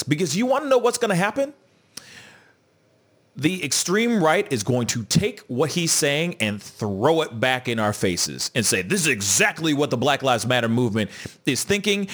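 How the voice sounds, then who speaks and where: A man co-hosting a casual commentary chat, talking in an animated way and repeating himself as he swings between loud and soft. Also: a little high, husky. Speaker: co-host.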